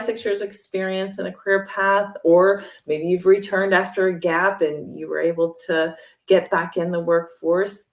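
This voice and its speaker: A woman representing a mentorship program, talking in an upbeat, persuasive way during a livestream interview. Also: fairly low pitch. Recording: roomy sound, far from mic.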